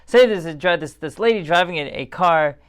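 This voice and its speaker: A man's voice: on the high side, lively intonation, brisk, a bit bright, smooth. A tired man giving a casual, rambling Torah talk as a rabbi, in a conversational and digressive way.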